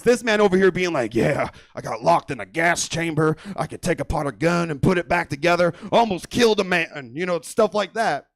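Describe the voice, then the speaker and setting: A man doing crude stand-up comedy as the host of a comedy club show, hyping the crowd loudly. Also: fairly high pitch, no room sound.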